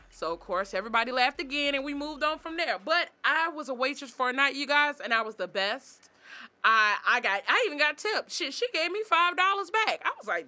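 Brash woman with a high, bright voice. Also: a little fast. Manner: brash, profane, animated. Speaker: vlogger. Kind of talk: casual storytelling monologue.

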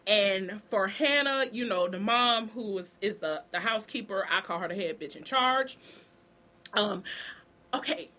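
A woman from Savannah, Georgia, recapping TV shows in a casual, profane and animated way. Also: mid-range voice, unhurried. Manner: profane, animated, acts out characters. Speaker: TV recap vlogger.

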